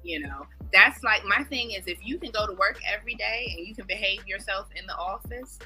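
A woman's voice: mid-range voice, fairly quick, sharp tone, soft background music, rough recording. A woman talking in a casual group discussion, emphatic and opinionated, telling family stories. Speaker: discussion panelist.

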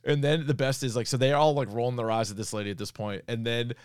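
A man co-hosting a comedy podcast in an easygoing, loose way, slipping into quick impressions as he retells scenes. His voice is smooth and resonant, recorded close and dry with no room sound around it. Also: medium pitch, no echo. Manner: animated, acts out quoted lines. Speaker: podcast co-host. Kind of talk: casual comedy podcast chat.

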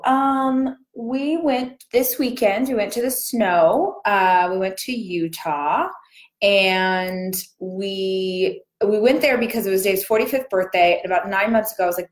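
A young woman hosts a casual morning live stream, her medium-pitched voice echoing in a reverberant space. She has a cold sore, so she chats with her lips barely opening, speaking through a small mouth.

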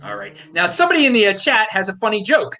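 A man hosting an excited live stream, loud and fast-talking. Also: high-pitched. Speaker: host.

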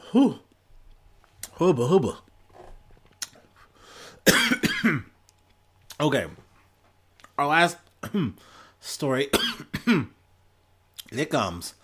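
A man's voice: mid-range voice, fairly bright tone, slightly rough. A young man hosting a podcast, giving casual, profane, sarcastic news commentary and often laughing. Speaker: podcast host.

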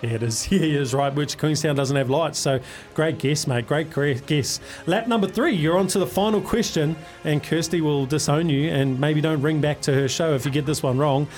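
A man's voice: a little high, normal speed, darkish tone, soft background music. Upbeat New man hosting radio. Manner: upbeat, matey, slangy. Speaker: radio quiz host. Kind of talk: casual radio banter. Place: radio studio.

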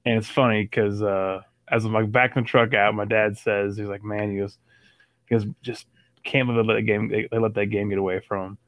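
Man, 30s, podcast co-host, lowish voice, rambling anecdotal delivery, dry close mic. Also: level tone, a little fast, a bit bright, no room sound. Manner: rambling storyteller with many fillers. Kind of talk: casual sports podcast chat.

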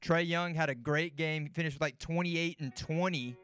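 A man's voice: a little high, normal speed, smooth, soft background music. A man guesting on a sports talk show, chatting casually and telling stories with easy laughs and repeated words. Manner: relaxed, laughs easily, repeats words as he tells a story. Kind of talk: casual sports chat and storytelling.

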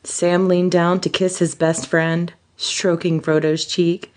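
A woman's voice: fairly low pitch, flat delivery, takes it slowly, darkish tone. A woman co-hosting a podcast, reading fan fiction aloud and often breaking into laughter. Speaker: podcast co-host.

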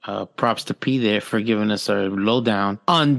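A man co-hosting a podcast, bantering with animated jokes in casual chat. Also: lowish voice, moderate pace, creaky. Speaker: podcast co-host.

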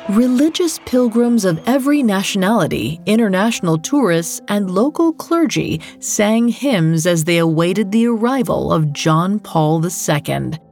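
A woman hosting a podcast, giving scripted true crime narration in a measured, dramatic way. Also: medium pitch, animated, a little mellow, soft background music. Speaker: podcast host.

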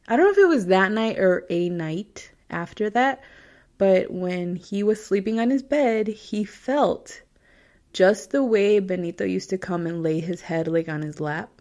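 A woman's voice: mid-range voice, lively intonation, slow pace, darkish tone. A woman hosts a podcast and reads listener stories in a loose, casual chat. She laughs easily, and she turns tearful over the sad parts. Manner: emotional, laughs often, tearful at times.

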